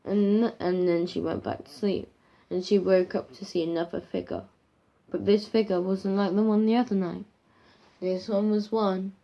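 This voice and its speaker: A woman's voice: mid-range voice, fairly even intonation, normal speed, gravelly. A woman improvising a spooky story in a rambling, casual way, full of fillers and restarts, on a dull lo-fi home recording.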